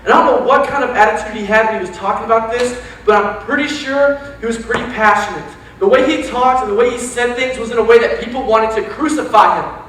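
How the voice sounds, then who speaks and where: A man preaching a casual, animated sermon to young adults in a church, talking straight to the crowd with quick asides. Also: very high-pitched, a little hiss or hum. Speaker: youth pastor. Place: church sanctuary. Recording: echoey church hall, mic from a distance.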